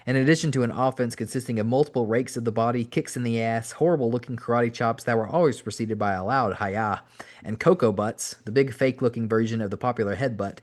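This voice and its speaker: Man reading an audiobook aloud. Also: mid-range voice. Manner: steady reading with occasional self-corrections. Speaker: audiobook reader and podcast host. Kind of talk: amateur audiobook narration.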